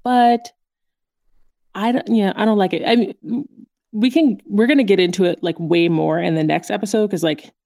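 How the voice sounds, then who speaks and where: A woman's voice: mid-range voice, normal speed, creaky, dark tone, no room sound, clean studio sound. A woman co-hosting a podcast, chatting casually and animatedly about a cartoon episode, often laughing. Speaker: podcast co-host. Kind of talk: casual chat recapping a cartoon.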